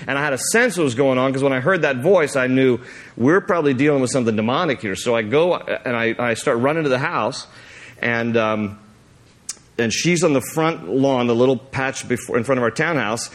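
A male pastor tells a story in a sermon, rambling through fillers and restarts. He acts out the scene as he goes, and his mid-range voice leaps up high whenever the story excites him. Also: normal speed.

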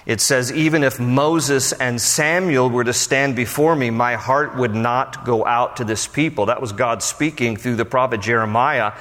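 A man's voice: mid-range voice, normal speed, few pauses, a bit bright. A man preaching as a pastor, teaching from the Bible in a conversational way with storytelling asides. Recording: long reverb of a large hall.

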